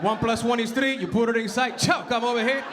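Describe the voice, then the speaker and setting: A man voicing his excitable immigrant father, who mixes Spanish into his Spanish-accented English in an animated way. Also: very high voice, brisk, crowd noise, pitched above the performer's own voice. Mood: explaining loudly. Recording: noisy club, audience laughter.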